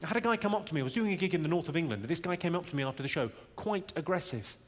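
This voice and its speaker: A man performing a stand-up routine, delivering deadpan one-liners and teasing the crowd. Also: on the high side, racing. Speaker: stand-up comedian. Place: comedy venue stage. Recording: reverberant venue audio with loud crowd noise.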